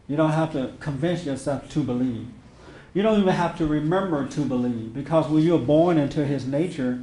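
A man's voice: a little high, darkish tone. A man giving an informal sermon to a small group, telling stories in a conversational way and acting out quotes with laughter. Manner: conversational storytelling, acts out quotes, laughs often. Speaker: spiritual teacher. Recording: roomy echo.

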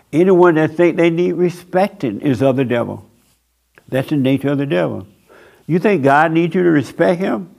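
A man's voice: fairly high pitch, creaky, darkish tone. A man preaching a sermon in a blunt, mocking, emphatic way.

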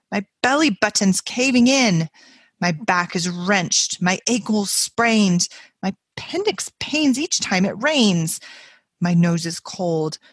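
A woman reading a poem aloud and voicing a little girl who is faking a long list of ailments, in a melodramatic, complaining way. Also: no echo. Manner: breathless, melodramatic complaining that jumps high in pitch. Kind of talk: dramatic poetry reading.

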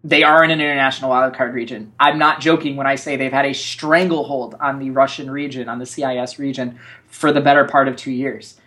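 A man co-hosting an esports analysis show, giving opinionated, animated breakdowns and acting out what players say. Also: mid-range voice, a little fast. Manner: animated, opinionated, acts out quotes. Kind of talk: casual analysis chat.

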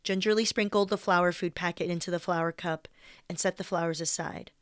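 A woman's voice: on the low side, fairly even intonation, a little fast, clean tone, dry recording. Candid woman reading her own essay, dry sound. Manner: candid, wry, with swearing. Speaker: personal essay narrator. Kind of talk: reading a personal essay aloud.

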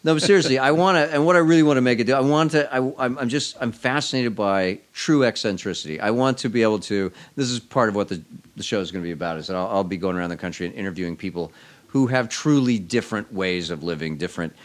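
A man's voice: lowish voice, quick pace. A man telling a long story as an interview guest, casually and wryly, with frequent restarts. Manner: rambling, restarts often, wry.

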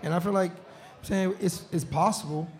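A man's voice: high-pitched, fairly even intonation, fairly quick. A young man, a football player guest on a live show in a restaurant, telling stories in a loose, laughing way and often saying "you know what I'm saying.". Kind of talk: casual live-show chat.

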